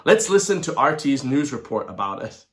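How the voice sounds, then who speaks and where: A man's voice: medium pitch, big pitch swings, normal speed. An Irish man sounding off straight to his viewers. He talks in a mid-range voice, blunt and emphatic, swearing freely as he rants. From Ireland. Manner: heated, blunt, profane, emphatic. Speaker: commentary channel host. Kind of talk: ranting commentary to viewers.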